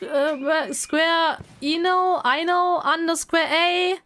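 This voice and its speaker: A woman's voice: sits high, unhurried, a bit bright. A woman streamer chatting live with her viewers, playful and dramatic, who breaks into giggles often.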